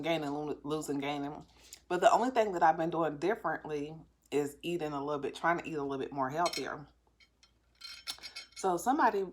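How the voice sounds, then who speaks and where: A low-pitched woman with a lilt eats and talks at once, murmuring over bites between remarks. Her casual, self-assured chat goes straight to her viewers from a home table, with a camera or phone close in front of her. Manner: talks with mouth full, chewing and savoring between remarks; candid and self-assured, addressing viewers directly. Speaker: mukbang vlogger. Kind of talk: casual chat while eating.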